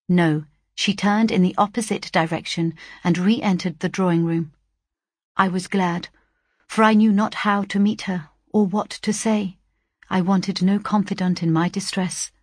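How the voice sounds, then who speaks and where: A woman narrating a classic novel in the first person, measured and earnest, with restrained emotion. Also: lowish voice, breathy edge, no room sound, studio quality. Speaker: audiobook narrator.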